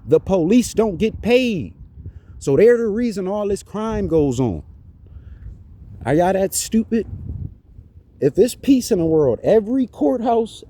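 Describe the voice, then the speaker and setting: A man's voice: high voice, warm tone. A man ranting indignantly to his phone camera outside a church, preachy and repetitive. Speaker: vlogger.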